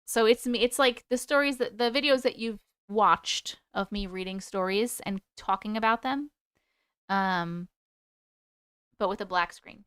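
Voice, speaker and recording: A woman's voice: medium pitch, unhurried, fairly bright tone, clean tone, no echo, studio quality. A woman hosting a live stream, chatting casually and reading viewer comments aloud in a rambling, giggly way. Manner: chatty, rambling, giggly, jumps between topics. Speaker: livestream host.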